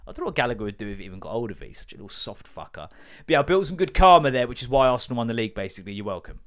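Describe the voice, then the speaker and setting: Racing along in a mid-range voice, a podcast host tells stories in a solo comedy rant, swearing a lot and animatedly acting out the people he quotes.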